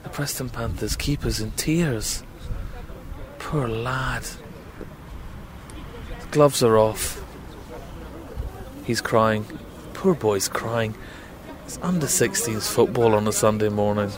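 A man's voice: on the low side, takes it slowly, long pauses. A man giving chatty live commentary outdoors at a youth football match. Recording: outdoor crowd noise around.

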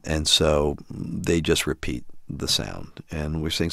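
Deep-voiced man telling a family story. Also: measured pace, gravelly, few pauses, no echo, studio quality. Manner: animated, acts out the voices of others. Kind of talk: storytelling in an audio documentary.

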